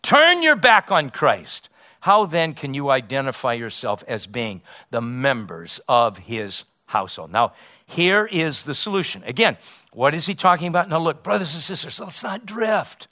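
A middle-aged man preaching a sermon as pastor, emphatic, with rhetorical questions and dramatic pauses. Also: medium pitch, very animated, sharp tone.

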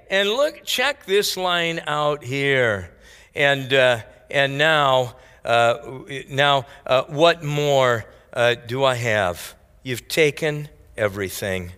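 A man's voice: fairly high pitch, animated, slow pace, sharp tone, smooth. A man preaching a sermon, telling a Bible story in casual, modern speech and acting out the characters' lines. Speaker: pastor. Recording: echoey hall.

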